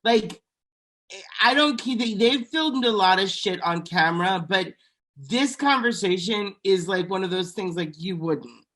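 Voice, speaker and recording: A young woman on a podcast, gossiping about reality TV in a blunt, animated way. She jumps between her own opinions and quick impressions of other people. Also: mid-range voice. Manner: blunt, animated, quotes people in put-on voices. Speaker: podcast co-host. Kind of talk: casual reality TV gossip chat.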